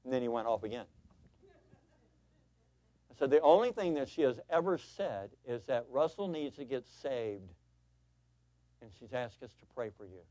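A male pastor preaching from the pulpit, his voice moving between vivid storytelling and quiet, earnest appeals. He speaks at a middle pitch, and the sound is close and dry with little room echo. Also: animated, normal speed, long pauses. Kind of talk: sermon with storytelling.

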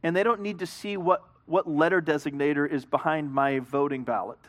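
Middle-aged pastor, earnest and conversational, slightly high voice, storytelling sermon. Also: male voice, fairly even intonation, a little fast.

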